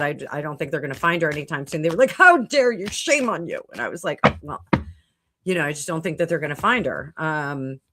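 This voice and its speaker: On a home psychic livestream recorded through a computer mic with slight hiss or hum, a middle-aged woman with a low-pitched, fairly bright voice answers viewer comments. Her chat is casual, thinking aloud with frequent fillers and restarts.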